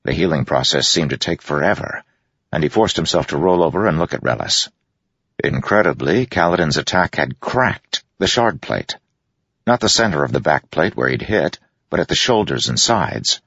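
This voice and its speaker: A man reading a fantasy story aloud in a steady, measured narration. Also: extremely low pitch, creaky, breathy edge, dry recording. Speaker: audiobook narrator. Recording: dull, lo-fi, dry recording.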